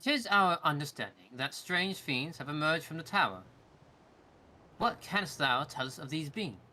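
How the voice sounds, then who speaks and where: A man's voice: fairly high pitch, animated, pushed and bright, a little hiss or hum, full character voice. A man reading a formal archaic-speaking adventurer. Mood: solemn. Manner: old-fashioned thee-and-thou phrasing, measured. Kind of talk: fan voice acting of game dialogue.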